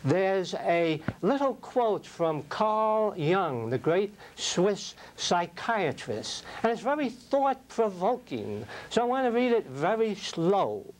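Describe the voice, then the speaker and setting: An older man giving a prepared speech at a speaking club, telling stories and reading quotes in a slow, deliberate, reflective way. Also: high voice, sing-song, poor audio.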